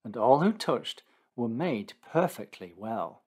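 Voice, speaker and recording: A man narrating a condensed Bible reading in a steady, deliberate scripted style. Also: mid-range voice, breathy edge.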